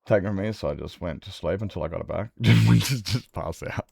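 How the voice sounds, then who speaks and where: A man's voice: low voice, fast, gravelly, a little mellow, slightly rough. A man chatting casually while streaming a game, rambling and repeating himself, swearing freely. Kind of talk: casual gameplay stream chat.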